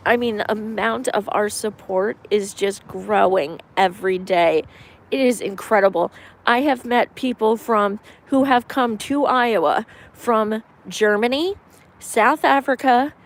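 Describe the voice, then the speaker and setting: Outdoors in winter, a campaign volunteer from Pennsylvania chats casually on a live stream. Her voice is a little high, and she sounds emphatic and excited, swearing and saying um a lot.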